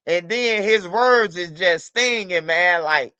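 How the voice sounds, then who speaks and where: A man's voice: high-pitched, takes it slowly, few pauses, sharp tone, clean tone, no room sound, lo-fi sound. A man hosting a livestream, talking loosely and profanely in repeated street slang, addressing his chat by name. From United States. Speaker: livestream host. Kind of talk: casual livestream talk.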